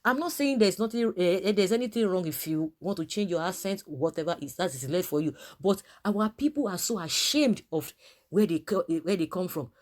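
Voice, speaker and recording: A woman's voice: lowish voice, expressive, brisk, a little mellow. Rambling woman with a Nigerian accent. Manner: rambling, many fillers and restarts. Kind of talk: casual opinion talk.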